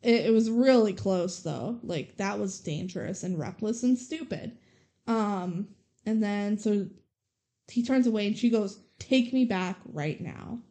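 A woman's voice: medium pitch, unhurried, mellow. A woman co-hosting a podcast, casually recapping a movie scene by scene in a chatty, storytelling way. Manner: chatty, storytelling, heavy use of "like". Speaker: podcast co-host.

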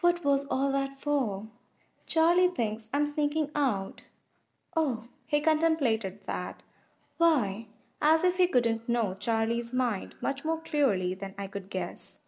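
Woman reading a novel aloud, first person, hushed and intimate, slow, kinda high voice. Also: animated. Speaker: audiobook narrator. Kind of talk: first-person audiobook narration.

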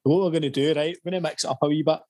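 A man's voice: a little high, steady tone, racing, a little mellow, no echo. A Scottish man hosting a podcast interview, asking questions in a laid-back way. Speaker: podcast host. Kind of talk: casual interview chat.

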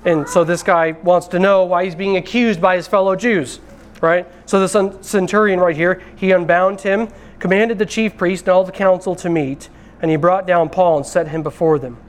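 A pastor in a church sanctuary preaches a conversational sermon from the pulpit, addressing the congregation directly and calling them brethren. His voice is high-pitched and steady, at normal speed.

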